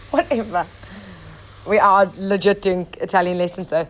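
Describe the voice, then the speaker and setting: A woman's voice: mid-range voice, fairly even intonation, normal speed. A young woman from Zimbabwe, a safari cook, chatting casually while giving a live cooking demonstration and greeting viewers by name. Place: home kitchen. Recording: echoey kitchen with faint ambient noise.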